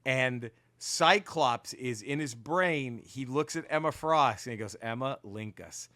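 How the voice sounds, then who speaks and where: A man co-hosting a casual podcast, retelling comic book plots in an animated, profane way with lots of restarts. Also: medium pitch, a little slow. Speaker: podcast co-host.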